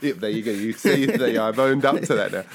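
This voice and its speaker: Telling his life story with conversational energy, this English man in his sixties acts out the voices of people from his past. He speaks quickly at a medium pitch.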